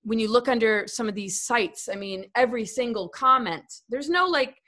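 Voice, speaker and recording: Speaking as a guest in a conversation, a woman with a fairly high, sharp-toned voice talks about spirituality in a casual, earnest way at normal speed. She rambles, restarting sentences and repeating words as she goes.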